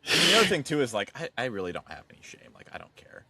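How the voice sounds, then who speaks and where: A man co-hosting a podcast, chatting casually with animated, expressive swings in his delivery. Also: medium pitch, very fast, husky, no room sound, clean studio sound. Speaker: podcast co-host. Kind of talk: casual chat.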